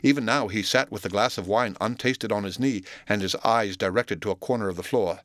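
A man narrating a classic novel as an audiobook, in a steady, measured storytelling voice. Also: lowish voice, no room sound, clean studio sound. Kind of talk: scripted narration.

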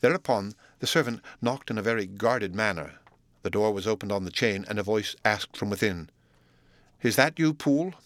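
A man narrating a classic novel as an audiobook, in a steady, measured storytelling voice. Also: lowish voice, dry recording. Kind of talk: scripted narration.

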